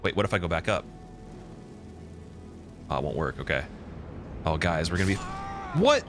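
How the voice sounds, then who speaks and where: A man streaming a game, chatting to his viewers in a loose, giggly way and getting loud and excited when things go wrong. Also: sits low, normal speed, music in the background. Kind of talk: casual live-stream commentary while playing.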